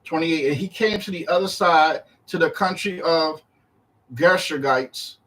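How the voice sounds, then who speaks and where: A man teaching through a Bible chapter verse by verse in a casual, animated way, acting out the speakers in the text. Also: unhurried. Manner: animated, acts out the disciples' and Yahshua's words in a higher voice; conversational, uses slang while reading verse by verse.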